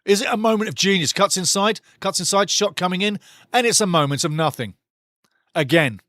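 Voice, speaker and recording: A man's voice: high voice, brisk, a bit bright, no room sound, studio quality. A man doing passionate live football commentary for a watch-along, mocking the referee and bantering with the chat.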